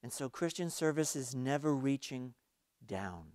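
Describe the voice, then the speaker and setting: A male pastor preaching an earnest, storytelling sermon for an online worship service, rising in emphasis and then dropping to quiet. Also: medium pitch, lively intonation, unhurried, no room sound, clean studio sound.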